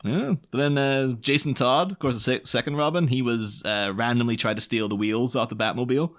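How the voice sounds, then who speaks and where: A man co-hosting a comedy podcast, retelling comic scenes in an animated, chatty way. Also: medium pitch. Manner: animated, slips into quick silly voices for quoted characters. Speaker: podcast co-host.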